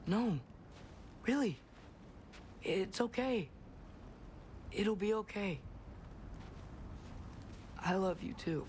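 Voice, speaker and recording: An actor playing an earnest, caring teenage boy in video game dialogue, speaking softly and thoughtfully. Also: high-pitched, extremely slow, pauses often, a little hiss or hum. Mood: tender.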